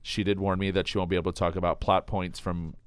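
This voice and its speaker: A man's voice: deep voice, flat delivery, fast, smooth. A man co-hosting an entertainment podcast in casual chat, laid-back and dry, often giving short replies. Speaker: podcast co-host.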